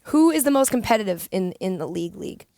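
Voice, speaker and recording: A woman hosting a podcast, chatting casually with quick, self-deprecating asides. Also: mid-range voice, animated, warm tone, no echo, clean studio sound. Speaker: podcast host.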